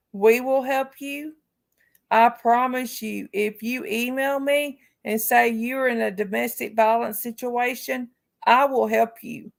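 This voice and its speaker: Slow, gravelly-voiced woman livestreamer. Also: a little high. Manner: outspoken, heartfelt, talks straight to chat viewers. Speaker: livestream host. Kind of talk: casual live stream chat with viewers.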